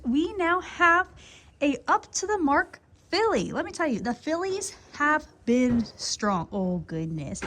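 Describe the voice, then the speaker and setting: A woman's voice: sits high, fairly bright tone, slight background noise. Chatty woman in a night barn. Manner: chatty, rambling, talks to the horses. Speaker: horse breeding farm foaling attendant. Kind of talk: casual vlog chat.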